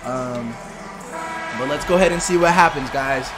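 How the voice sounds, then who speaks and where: A man giving excited live commentary while playing a basketball video game, reacting emotionally to every play. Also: mid-range voice, moderate pace, over music. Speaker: gaming commentator.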